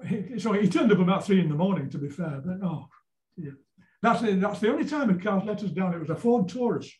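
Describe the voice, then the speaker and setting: A man's voice: sits high, lively intonation, fairly quick, a little mellow, reverberant. A man in his seventies with a Yorkshire accent, a folk singer being interviewed, telling rambling anecdotes and often repeating words as he goes. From Yorkshire, England. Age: 70s. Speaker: guest folk singer-songwriter. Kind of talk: casual interview storytelling.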